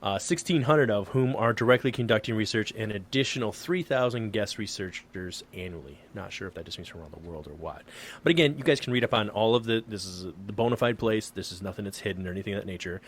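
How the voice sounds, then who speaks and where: A man's voice: lowish voice, fast talker. A man co-hosting a casual podcast, reading an article aloud over a remote call, joking and tripping over words. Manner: joking, self-deprecating, stumbles over words. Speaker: podcast co-host.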